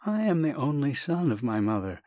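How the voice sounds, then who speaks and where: A man's voice: mid-range voice, sing-song, moderate pace, a little mellow, no echo, voice pushed up, natural voice. A man voicing a nervous, over-polite young man in a dry storybook reading, agitated and repeating himself. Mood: agitated pleading. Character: earnest nervous young man, fussy and grateful.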